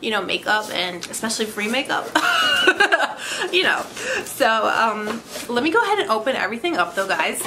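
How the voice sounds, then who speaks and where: A woman beauty vlogger excitedly unboxing makeup, gasping and gushing as she talks. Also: a little high, noisy background. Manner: gushing, gasping, many "oh my god"s.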